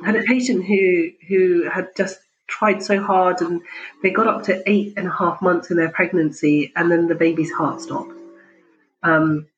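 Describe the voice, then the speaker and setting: A woman working as a family doctor, talking in a jovial, animated way in an interview and laughing often. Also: fairly low pitch, lo-fi sound. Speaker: GP, interview guest. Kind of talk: conversational interview.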